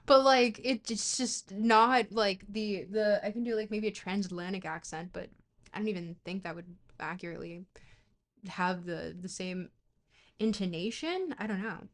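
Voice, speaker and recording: A woman's voice: mid-range voice, moderate pace. Chatty woman streamer reading philosophy aloud. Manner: stumbling, self-correcting reader; chatty asides to chat between passages. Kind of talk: casual live-stream reading and chat.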